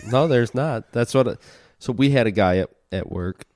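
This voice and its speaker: A man's voice: mid-range voice, moderate pace, darkish tone, dry recording. A tipsy man co-hosting a podcast, telling work stories in crude, joking banter. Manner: joking, swearing storyteller. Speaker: podcast co-host. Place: basement.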